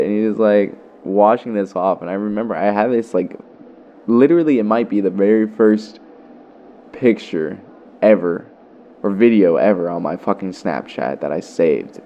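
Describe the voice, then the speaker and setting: A man's voice: low voice, fairly even intonation, normal speed, warm tone, highs cut off, a little hiss or hum. A young man vlogger telling a story in a loose, profane way, full of fillers. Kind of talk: casual storytelling.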